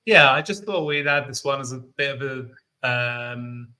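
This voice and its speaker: A man's voice: mid-range voice, measured pace, rough recording. A man from the UK co-hosting a podcast, talking casually with frequent ums. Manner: relaxed, hesitant with fillers. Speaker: co-host. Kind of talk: casual enthusiast chat.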